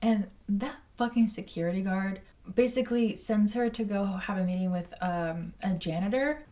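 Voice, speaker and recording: A woman's voice: medium pitch, moderate pace, dark tone, distant mic. A woman in her twenties giving casual, blunt movie reaction commentary, swearing freely and speaking animatedly.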